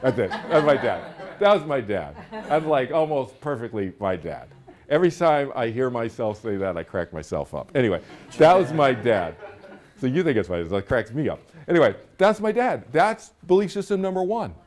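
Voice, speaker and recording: Delivering a live seminar, this middle-aged speaker talks in a sing-song, slightly mellow mid-range voice at normal speed. He chats and tells stories, frequently checking in with the people listening.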